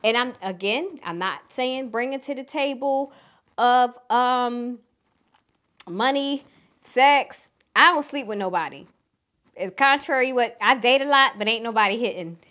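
A woman's voice: on the high side, unhurried, bright, forceful tone. A middle-aged woman from Philadelphia with a Southern twang, giving frank relationship advice in a casual vlog and swearing freely. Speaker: relationship coach.

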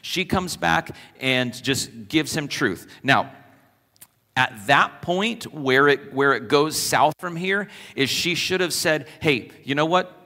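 A man preaching a sermon as pastor, animated and conversational, telling stories to his congregation in a church sanctuary. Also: a little high, takes it slowly. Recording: long church reverb.

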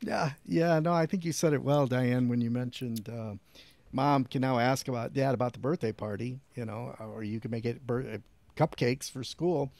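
A man who is a counselor and guest on a podcast, explaining things in an animated way. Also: medium pitch, moderate pace, gravelly, no echo. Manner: animated, acts out example conversations. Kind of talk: interview.

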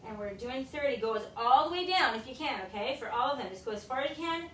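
A woman fitness instructor, out of breath, counts reps aloud and cheers viewers through a bodyweight workout in her un-air-conditioned home garage. Her high voice is expressive, quick and a bit bright. The distant mic picks up garage echo and slight background noise.

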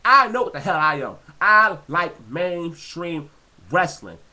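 A man's voice: a little high, animated, slow pace, sharp tone. A man vlogging a heated, rambling rant, filling his talk with "you know" and repeating himself. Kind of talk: casual rant to camera.

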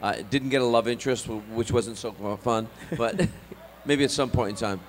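A man's voice: medium pitch, moderate pace, big-room sound, slight background noise. A man from Scotland, a convention celebrity guest, telling stories casually and acting out voices. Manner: animated storyteller, acts out voices in anecdotes. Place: convention hall.

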